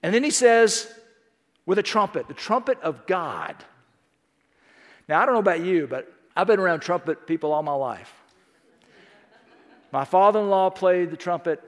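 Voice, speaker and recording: A middle-aged man preaching with an emphatic, folksy delivery, tossing out rhetorical questions to the congregation. His voice sits high for a man. A long hall reverb trails each phrase. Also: expressive, moderate pace, long pauses. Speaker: pastor. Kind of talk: sermon.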